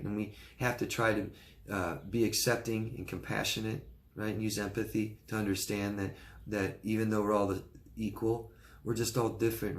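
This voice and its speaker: A male life coach with a fairly low voice answers questions live, giving advice in an earnest, informal way. He frequently asks "right?" and often starts his sentences over.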